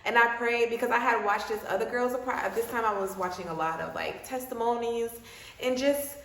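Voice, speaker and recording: A young woman telling a personal story on her vlog in a casual, slangy, lively way. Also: on the high side, fairly quick. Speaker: vlogger. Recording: roomy echo.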